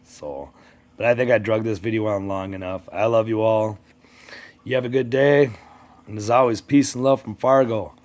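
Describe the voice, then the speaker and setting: A man's voice: fairly low pitch, steady tone, moderate pace, a little mellow. A man ranting casually to his channel's viewers, rambling and swearing as he talks straight to politicians who aren't there. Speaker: vlogger. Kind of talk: casual rant to camera.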